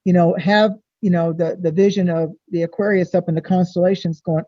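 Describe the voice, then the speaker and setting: A woman astrologer, a guest on a podcast, talking in a chatty way and acting out bits of dialogue in lively voices. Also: on the low side, brisk, few pauses, no echo, lo-fi sound. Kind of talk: podcast interview.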